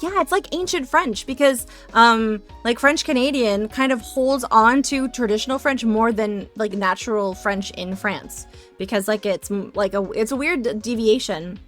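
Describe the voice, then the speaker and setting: A woman's voice: on the high side, normal speed, a bit bright, faint music behind. A woman streamer chatting casually and playfully, rambling with sarcastic asides, at a home desk microphone. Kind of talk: casual live-stream chat.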